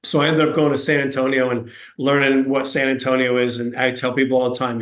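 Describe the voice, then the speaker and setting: A man's voice: mid-range voice, flat delivery, fast, few pauses, fairly bright tone. Rambling New York man in an echoey room. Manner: rambling, self-deprecating, lots of fillers and restarts. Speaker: guest. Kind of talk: casual storytelling interview.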